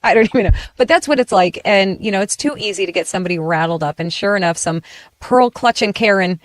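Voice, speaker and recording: Woman host, middle pitch, animated and self-interrupting, political chat, very dry recording. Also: fast talker, no echo.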